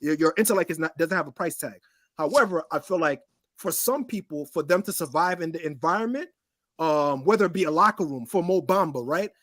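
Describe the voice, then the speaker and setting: A man's voice: on the high side, a little fast, fairly bright tone, no room sound, clean studio sound. A man co-hosting a podcast in casual debate, often asking if you get what he's saying. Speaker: podcast co-host.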